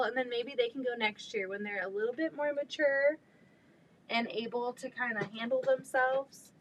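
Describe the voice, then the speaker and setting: A woman in her thirties chatting casually while sewing, rambling about her kids and often quoting people in an excited voice. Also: a little high, a little hiss or hum. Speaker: quilting vlogger and mother. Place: home sewing room.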